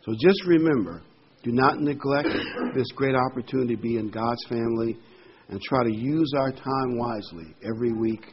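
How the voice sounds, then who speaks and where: A man's voice: medium pitch, breathy edge. Older guy preaching, medium voice, leans hard on the bible verses, muffled recording. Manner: reads verses slowly and emphatically. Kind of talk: sermon with scripture reading. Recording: dull lo-fi with faint noise.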